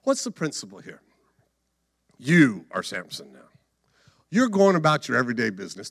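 A man's voice: medium pitch, wildly swooping pitch, normal speed, gravelly, pauses often, a bit bright, slightly rough, no echo, studio quality. A man preaching a dramatic sermon, acting out the story as he goes and humming bits of filler. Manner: dramatic, acts out the story, hums and sings filler.

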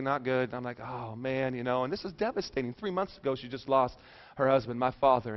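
A middle-aged man preaching a sermon, telling a personal story with jokes and dropping soft and low for serious moments. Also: clear, resonant tone. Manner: animated, joking, drops soft and low for emotional parts. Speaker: pastor. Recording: dull lo-fi sound.

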